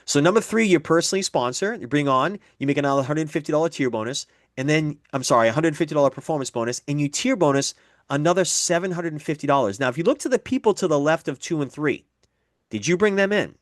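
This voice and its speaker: A man's voice: a little high, animated, fast, dry recording, clean studio sound. Man walking through a payout plan. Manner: explanatory, repeats figures, acts out sample dialogue. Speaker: presenter. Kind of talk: business presentation.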